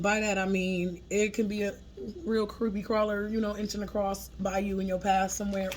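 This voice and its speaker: A woman's voice: mid-range voice, darkish tone, slight background noise. A woman sharing channeled spiritual messages in a loose, chatty way, laughing often and swearing casually as she talks through her notes.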